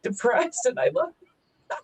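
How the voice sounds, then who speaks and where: A woman co-hosts a casual live-stream chat, her high voice lively in intonation, unhurried, and a little mellow over a rough recording. Between stories she talks fondly to her dog in baby-talk, chatty and affectionate.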